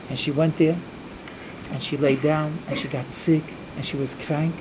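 A man telling a religious folk tale in the first person, slow and dramatic at times. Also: fairly high pitch, flat delivery, background noise. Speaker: storyteller.

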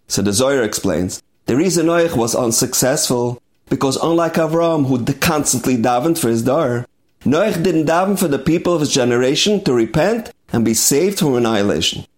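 A man's voice: mid-range voice, darkish tone. A man preaching a sermon and telling a story with emphatic, dramatic delivery.

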